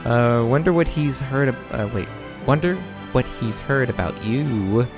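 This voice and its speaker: A young man hosts a let's play, casually commenting on the video game he's playing in an unhurried, mid-range voice over music. He reads dialogue choices aloud and laughs often.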